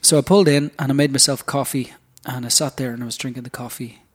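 A man's voice: mid-range voice, fairly even intonation, fast, slightly rough. A man co-hosting a podcast, chatty and joking in casual conversation. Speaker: podcast co-host. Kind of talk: casual chat.

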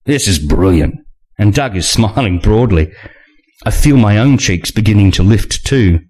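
A man reading a first-person thriller aloud in a wry, expressive way. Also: on the low side, unhurried. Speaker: audiobook narrator.

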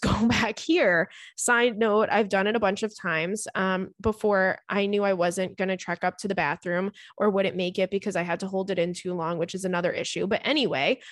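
A woman, hosting a podcast and reading listener stories aloud in an animated, swearing, laughing way. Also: mid-range voice, no echo, studio quality. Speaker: podcast host.

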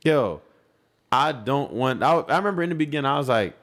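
A man co-hosting a podcast, talking in casual, animated chat and often starting lines with "yo". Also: medium pitch, a little fast. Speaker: podcast co-host.

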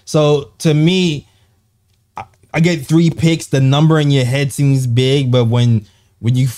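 Male sports-show host, mid-pitched, casual and rambling. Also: a little mellow, smooth. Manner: loose, rambling, quick to laugh. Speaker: podcast host. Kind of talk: casual basketball chat.

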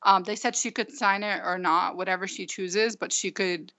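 A woman in her twenties from the United States, recounting events in a halting way with many fillers and restarts. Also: medium pitch, fairly even intonation, pushed and bright. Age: 20s. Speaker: interview guest. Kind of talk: casual recounting. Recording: dull lo-fi recording.

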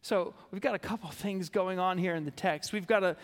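A male pastor preaching an earnest sermon, stumbling into restarts and dropping to a hush on heavy words. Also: high-pitched, a little fast, long reverb tail.

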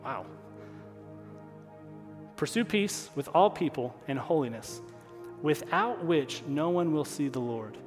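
A pastor preaching a sermon, emotional at times, repeating key phrases for emphasis. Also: male voice, a little high, expressive, unhurried, over music. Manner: emotional, stops to apologize and regroup. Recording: long hall reverb.

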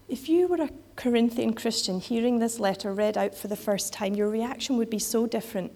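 A woman's voice: a little high, fairly quick, hardly any pauses, dark tone. A woman giving a sermon in a conversational way, with frequent fillers and restarts. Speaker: preacher.

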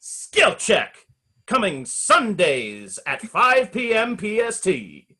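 A man, speaking with a bright, ringing tone and high pitch. His delivery swings widely, booming like a trailer announcer. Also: huge pitch swings, slow pace. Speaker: podcast co-host, game master. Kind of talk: casual chat; announcer-voice trailer read.

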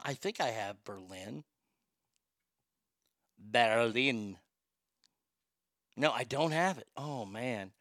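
A man hosting a crude comedic talk show, profane and excitable, laughing at his own jokes. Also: medium pitch, no echo, studio quality. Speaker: show host.

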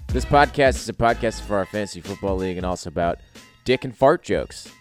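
A man's voice: lowish voice, a little fast, soft background music. A man hosting a casual podcast, telling a crude, joking story full of swearing. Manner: profane, joking, animated. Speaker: podcast host.

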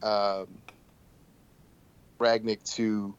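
Measured man, slightly muffled sound. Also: lowish voice, little pitch movement, background noise. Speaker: podcast co-host. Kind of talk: casual football podcast chat.

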